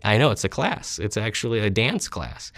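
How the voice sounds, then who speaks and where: A man's voice: fairly low pitch, very animated, normal speed, creaky, fairly bright tone, no echo. A man in his thirties, an interview guest, telling rambling stories with self-deprecating humor. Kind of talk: casual storytelling interview.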